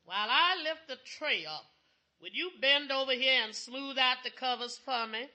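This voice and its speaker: A woman's voice: high voice, lively intonation, moderate pace, bright, forceful tone, full character voice. A woman playing a cranky, sly, bedridden old mother-in-law in a radio comedy, tart-tongued and speaking in broken grammar. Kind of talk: 1940s radio comedy acting. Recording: hissy old radio recording.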